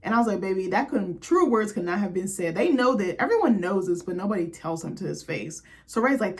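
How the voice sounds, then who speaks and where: A young woman hosting a casual reality TV recap, sassy and profane, with quick asides to her viewers. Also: fairly low pitch. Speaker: recap host.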